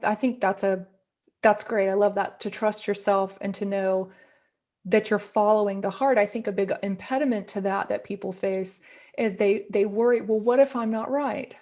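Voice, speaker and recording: A woman's voice: mid-range voice, fairly even intonation, normal speed, a little mellow. A woman guest in a casual interview, talking in an earnest, reflective way and often repeating words as she thinks.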